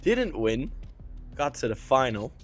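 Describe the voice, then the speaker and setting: A man casting an esports match live, chatting loosely with many fillers while waiting out a technical pause, still in his morning voice. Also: medium pitch, faint music behind. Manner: relaxed, filler-heavy chatter during a tech pause. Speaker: esports caster.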